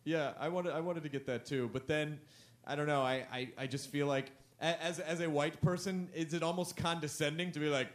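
A man interviewing a comedian in casual chat, joking with quick asides. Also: on the high side, fairly even intonation.

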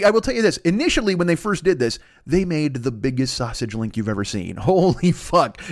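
Recorded cleanly in a studio with no echo, a man hosts a comedy podcast, rambling through a profane comic monologue full of heavy swearing. He keeps leaping into character voices with sudden jumps in pitch.

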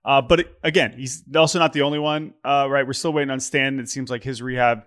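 A man's voice: medium pitch, fairly even intonation, quick pace, fairly bright tone. A man co-hosting a sports podcast in casual chat, wry and hesitant, with frequent restarts. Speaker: podcast co-host.

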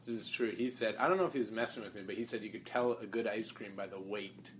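A man who is a guest comedian, chatting casually and telling stories in a laid-back, soft-spoken way in a hotel room. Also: on the low side, quick pace, a little hiss or hum. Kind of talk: casual chat.

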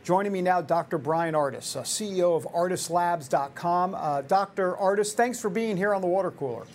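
A man hosting a talk show, animated and jokey, with mock-outraged asides and playful repetition. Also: high-pitched, a little fast, a little hiss or hum. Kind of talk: energetic talk radio hosting.

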